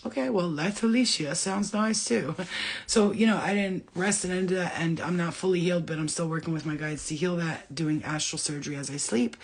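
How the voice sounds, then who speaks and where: A woman's voice: on the low side, brisk, husky. A woman giving a casual spiritual reading to viewers, rambling off on tangents, laughing and swearing freely. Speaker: spiritual reader.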